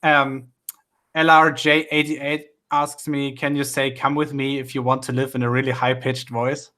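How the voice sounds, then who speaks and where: A man's voice: medium pitch, flat delivery, moderate pace, bright, forceful tone. A man hosting a casual livestream and reading out chat requests in a wry, easygoing way. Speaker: stream host reading chat.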